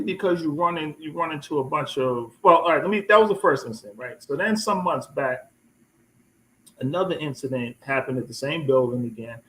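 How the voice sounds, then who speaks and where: A man hosting a casual live chat, telling a rambling story with many restarts and repeated words, lively when he quotes people. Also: medium pitch, slight background noise, poor audio. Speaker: host.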